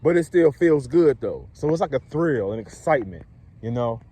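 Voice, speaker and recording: A man's voice: mid-range voice, expressive, moderate pace, warm tone. Laid-back man chatting to camera. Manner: laid-back, chuckles often, keeps checking in with the listener. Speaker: dating coach. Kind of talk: casual talk to camera.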